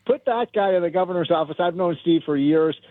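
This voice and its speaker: A man calling in as a guest on a talk radio show, talking in an animated, rambling way with lots of fillers. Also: fairly high pitch, fairly quick, dry recording. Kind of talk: phone-in interview. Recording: tinny phone line, dry.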